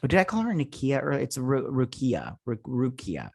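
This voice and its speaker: A man's voice: medium pitch, wildly swooping pitch, normal speed, gravelly, dry recording, clean studio sound. A man hosting a casual spoken review, rambling and frustrated, with lots of restarts and fillers. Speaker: YouTube review host.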